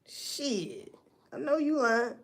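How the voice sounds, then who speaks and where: A woman's voice: fairly high pitch, sing-song, slow. A woman hosting a casual livestream, giving blunt, profane commentary and talking straight to her viewers. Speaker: livestream host.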